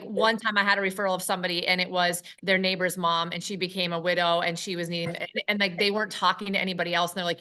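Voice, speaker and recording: A woman's voice: fairly low pitch, bright, forceful tone. A woman sharing her experience as a real estate agent in a chatty, rambling way on a video call. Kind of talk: casual chat.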